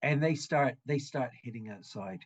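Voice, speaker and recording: Husky male game master, halting. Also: mid-range voice, lo-fi sound. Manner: halting, full of ums and restarts. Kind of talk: narrating a tabletop game.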